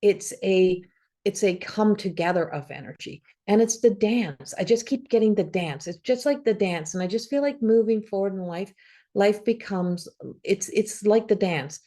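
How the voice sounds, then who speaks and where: A woman's voice: mid-range voice, normal speed, mellow. A woman reading tarot cards for a forecast to camera, talking earnestly with repeats and restarts, encouraging her viewers. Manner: earnest, repetitive, encouraging, thinks aloud with restarts. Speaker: psychic reader. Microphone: camera, solo video.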